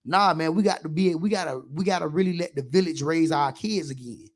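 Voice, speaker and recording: A man's voice: on the high side, a little fast. A man, a youth football coach, giving an impassioned radio monologue, preachy and emphatic, acting out how he scolds kids.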